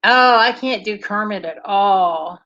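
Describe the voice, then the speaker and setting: A woman's voice: mid-range voice, slow, pushed and bright, no echo, lo-fi sound. A woman hosting a livestream, chatting casually and cheerfully with viewers and laughing often. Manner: bubbly, laughs often, chats with live comments. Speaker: livestream host.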